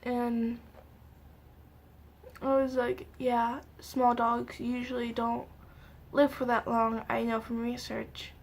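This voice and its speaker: A young woman vlogger tearfully retelling a sad personal story in a halting way, with many fillers and pauses. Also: a little high, flat delivery. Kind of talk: emotional storytime vlog.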